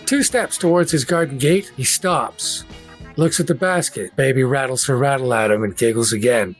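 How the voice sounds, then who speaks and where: A man's voice: medium pitch, normal speed, soft background music. Man, game master, tabletop game narration, vivid descriptive storytelling.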